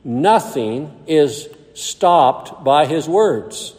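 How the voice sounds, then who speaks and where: A man preaches a sermon in a somewhat high but dark, mellow voice. He reads scripture in old-fashioned wording, then explains it plainly and slows down for emphasis. His voice rings out with a long reverb, as in a large hall. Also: lively intonation.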